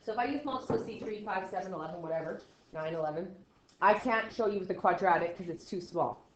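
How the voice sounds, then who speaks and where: A woman teaching a math class, counting steps out loud, trailing off quietly, and checking in with "right?". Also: mid-range voice, fast, a little hiss or hum. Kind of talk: classroom lecture. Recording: roomy classroom sound, slightly dull.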